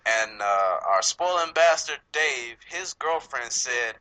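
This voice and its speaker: A man's voice: medium pitch, animated, takes it slowly, sharp tone, rough recording. A man from Los Angeles with an LA accent, hosting a casual chat, swearing and laughing often. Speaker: podcast host.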